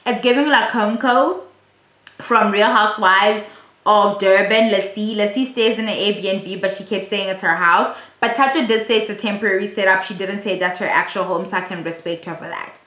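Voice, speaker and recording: A woman's voice: mid-range voice, moderate pace, a bit bright. A woman giving a chatty, blunt and profane casual recap of a reality show. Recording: roomy echo.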